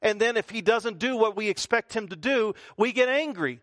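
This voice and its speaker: A man's voice: high-pitched, brisk, hardly any pauses, a bit bright, dry recording, studio quality. A male pastor preaching a conversational sermon, full of rhetorical questions and repeated phrases.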